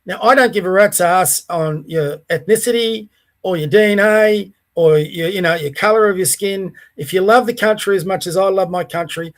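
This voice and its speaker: A middle-aged man with an Australian accent rants on his own podcast in a blunt, salty way. His voice sits high for a man, and he talks with plain, coarse bluntness. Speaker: podcast host. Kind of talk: ranting solo commentary.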